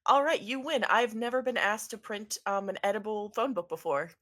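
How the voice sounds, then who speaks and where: A woman's voice: mid-range voice, expressive, a little fast, fairly bright tone. An unfazed male food-stall vendor, voiced by a woman in a tabletop game, matter-of-fact and obliging whatever is asked. His tone is plain and ready to serve.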